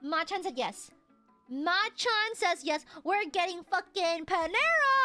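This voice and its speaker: A woman streamer chatting casually and thanking viewers for super chats, playful and prone to sudden shouting. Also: very high-pitched, big pitch swings, unhurried, faint music behind. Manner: playful, bursts into shouts and laughter.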